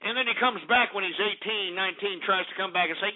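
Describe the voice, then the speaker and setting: A man's voice: high-pitched, quick pace. A man hosting a call-in radio show, ranting angrily and profanely, repeating himself. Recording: tinny phone-like audio.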